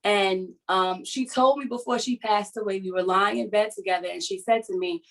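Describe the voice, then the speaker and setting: On a rough-sounding video call, a woman writer hosts a support session and shares something personal in an earnest, halting, confessional way, taking her time. Her voice is middle-pitched, a bit bright, with fairly even intonation.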